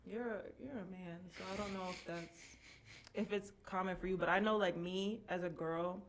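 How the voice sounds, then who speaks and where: Blunt, candid woman hosting a podcast. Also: lowish voice. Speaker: podcast host. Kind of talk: casual chat.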